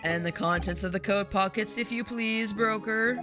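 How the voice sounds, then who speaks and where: A woman doing a refined, haughty gentleman. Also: medium pitch, lightly acted. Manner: put-on refined accent, slow and dignified. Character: refined, stylish gentleman with a suspicious name. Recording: game music behind the voice.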